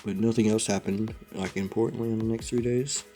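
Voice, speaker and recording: A man's voice: fairly low pitch, steady tone, a little fast, warm tone, soft background music. A young man telling a rambling story in a casual vlog, laughing often and saying "dude" a lot. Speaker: vlogger.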